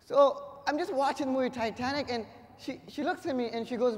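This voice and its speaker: A young man performing a stand-up comedy set on stage, punchy and energetic, with bursts of shouting. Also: extremely high pitch, quick pace. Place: live comedy stage before an audience. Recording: long hall reverb.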